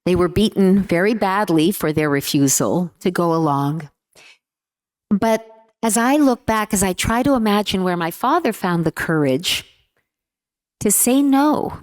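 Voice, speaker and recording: Slow, earnest woman giving a speech. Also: fairly low pitch. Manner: earnest, measured, with emphatic repetitions. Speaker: speaker. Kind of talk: formal speech.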